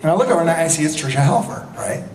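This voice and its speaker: A man telling an animated anecdote to a live audience, acting out the dialogue as he goes. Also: on the high side, very fast, noisy background. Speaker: convention panel guest. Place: large convention hall. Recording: echoey hall with a crowd. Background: audience murmur and laughter.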